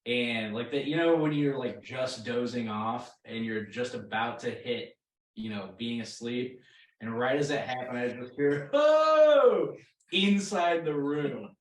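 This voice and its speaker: A man's voice: medium pitch, fairly even intonation, a little slow. A young man, a rock band member, casually telling a road story with lots of fillers, restarts and laughs. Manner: rambling, full of fillers and restarts, laughing at his own story. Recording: roomy echo, mic at a distance.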